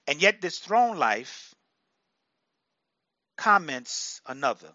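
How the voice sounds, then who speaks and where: A male preacher delivering a sermon, repeating phrases for emphasis and breaking into sudden loud bursts. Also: mid-range voice, big pitch swings, takes it slowly, long pauses, no echo, muffled recording.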